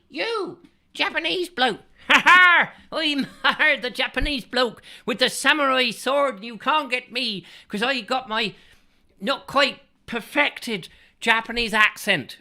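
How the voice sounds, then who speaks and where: A man voicing a boastful grown man with a sword who shouts swaggering taunts. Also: extremely high pitch, animated, unhurried, voice pushed up, full character voice. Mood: taunting.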